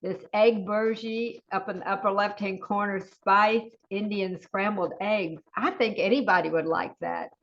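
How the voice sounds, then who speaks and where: A woman with a Southern US accent leads a webinar and runs through menu items with chatty, enthusiastic asides. Her voice sits at a middle pitch. The audio is a little dull, like a web call. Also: fairly even intonation, measured pace, hardly any pauses. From Southern United States. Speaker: webinar presenter, school nutrition. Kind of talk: webinar presentation.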